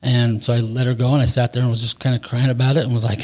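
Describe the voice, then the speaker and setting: A man's voice: mid-range voice, steady tone, fast, hardly any pauses, darkish tone. A man in his forties, an interview guest, telling a candid recovery story in a rambling way with restarts and nervous laughs.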